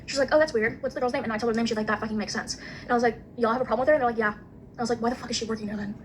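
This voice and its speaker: Fast-talking, foul-mouthed young woman ranting. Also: a little high, fairly even intonation. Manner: profane, fast, full of "like", acts out quotes. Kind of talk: casual storytelling rant. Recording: faint ambient noise.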